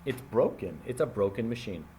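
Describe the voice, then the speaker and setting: Casual, animated male math teacher. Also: lowish voice, brisk, a little hiss or hum. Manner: animated, casual, talks straight to students. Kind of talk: classroom lesson with analogies.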